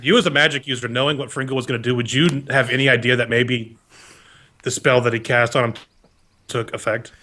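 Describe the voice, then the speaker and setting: A man narrating as dungeon master of a tabletop game, relaxed and a little hesitant. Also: mid-range voice, fairly quick.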